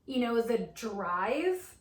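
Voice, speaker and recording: A twin flame coach chats casually and effusively about her relationship, her speech packed with "like" and "right." Her fairly high voice has a sing-song lilt, she draws out her words, and the recording sounds roomy.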